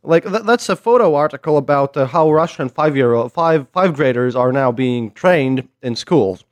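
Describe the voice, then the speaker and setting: Male guest on a call, animated pitch, choppy restarts, dry wit. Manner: halting, restarts often, jokey. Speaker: podcast guest. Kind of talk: casual chat over a call.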